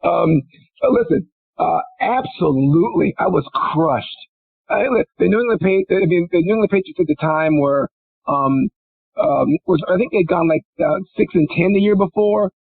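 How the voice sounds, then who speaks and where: A middle-aged man from Minnesota, once a pro football player, recounts his career in a loose, rambling way, full of restarts and fillers. His voice is gravelly and husky. The sound is dry and thin, as if over a phone. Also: lively intonation, moderate pace, no room sound, phone-quality sound. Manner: rambling, many restarts and fillers, laughs into high-pitched bursts. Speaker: former football player, guest. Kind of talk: casual storytelling interview.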